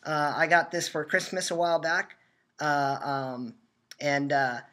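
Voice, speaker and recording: A man's voice: on the high side, unhurried, bright, forceful tone. A young man hosting a fan show, talking earnestly in a rambling way and restarting his sentences often. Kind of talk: casual fan commentary. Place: new home, just moved in.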